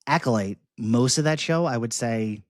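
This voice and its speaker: A man co-hosting a podcast in casual chat, talking in halting bursts with frequent restarts. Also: medium pitch, no echo, studio quality. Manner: halting, many restarts and fillers. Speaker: podcast co-host.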